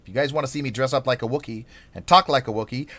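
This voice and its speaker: A man with a medium-pitched, slightly bright voice races along as he streams a game, with no echo in the recording. His casual chat rambles playfully and over the top, packed with fillers.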